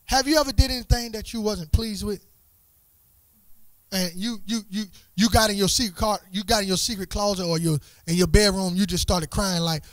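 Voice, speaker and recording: A man's voice: sits high, bright, forceful tone, dry recording. A man teaching young people at church in a casual, playful way, stumbling over repeated words and asking them questions. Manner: repeats words in quick restarts, asks the group questions.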